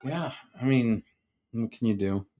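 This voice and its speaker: A man co-hosting a podcast in casual chat, easygoing and quick to laugh at himself. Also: medium pitch, mellow. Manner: easygoing, laughs often, self-deprecating. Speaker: podcast co-host. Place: small home studio room.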